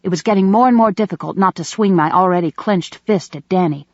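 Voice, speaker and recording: A woman reads a first-person audiobook in an even, measured way. Her voice sits on the low side. The recording is dull and dry, close to the mic. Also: no echo. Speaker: audiobook narrator. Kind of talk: scripted first-person narration.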